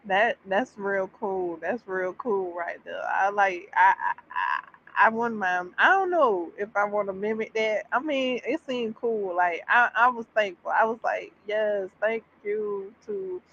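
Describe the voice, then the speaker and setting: A woman chatting casually on a livestream, reacting with bursts of excitement and drawn-out exclamations. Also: medium pitch. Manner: animated, exclaiming, drawn-out repeats. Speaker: streamer reacting to a series. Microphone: streaming mic. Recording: slightly dull audio with faint background noise.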